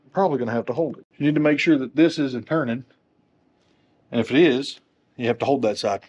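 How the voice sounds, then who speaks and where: A man's voice: mid-range voice, quick pace, darkish tone, slight background noise. Guy wrenching on a motorcycle in his shop, cracking jokes at himself, kinda dull lo-fi sound. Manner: joking, self-deprecating asides while working. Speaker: motorcycle technician. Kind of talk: casual how-to tutorial. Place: motorcycle workshop.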